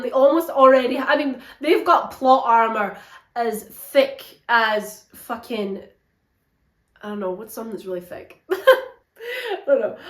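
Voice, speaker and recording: Young girl ranting about books, kinda high voice, roomy echo. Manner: animated, blunt and sarcastic. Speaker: book reviewer. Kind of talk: casual book review.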